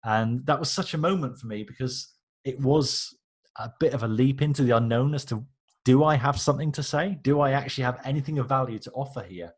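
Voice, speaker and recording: Guy on a podcast telling stories, husky voice, acts out what people said. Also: medium pitch, a little fast. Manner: animated, acts out quoted reactions. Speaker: podcast guest, author. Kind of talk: casual interview storytelling.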